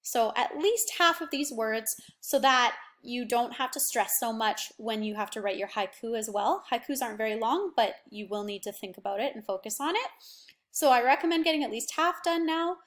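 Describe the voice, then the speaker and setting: A young woman teacher giving a remote phonics lesson to children, patient and encouraging, stretching words out slowly. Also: a little high, lively intonation, a bit bright. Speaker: primary school teacher.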